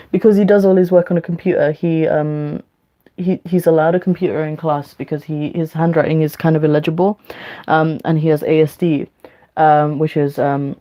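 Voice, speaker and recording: A young woman talks through her makeup routine on a livestream, rambling with plenty of fillers and casual swearing. Her voice sits a bit low and sounds mellow and relaxed, like a camera mic in a room at home. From England. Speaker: livestreamer and teacher. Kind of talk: casual chat while doing makeup.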